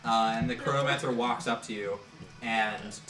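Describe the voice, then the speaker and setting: A man narrating as game master of a tabletop game, halting, with many fillers and restarts. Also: medium pitch. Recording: roomy, distant mic, music behind.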